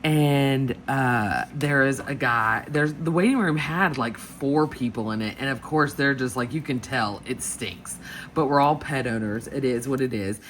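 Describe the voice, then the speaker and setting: Chatty low-voiced woman telling a story. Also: measured pace, a little hiss or hum. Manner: chatty, animated retelling with quoted voices and laughter. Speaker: planner vlogger. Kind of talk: casual storytelling while planning. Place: home desk with dogs nearby.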